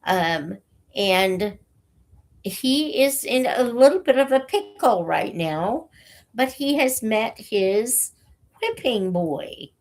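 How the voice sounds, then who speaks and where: Woman host with a cold, breathless; slow, halting casual chat to camera viewers. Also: a little high, expressive. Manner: slow, halting, with many fillers. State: has a cold, short of breath. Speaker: channel host reading books aloud for students.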